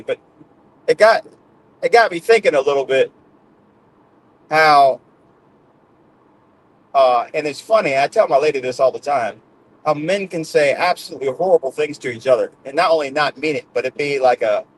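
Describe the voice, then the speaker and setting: A man's voice: medium pitch, slight background noise, low-quality recording. A middle-aged man hosting his own show, talking to his audience in a loose, rambling way, laughing often and tagging "man" onto his sentences. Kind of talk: casual rambling monologue.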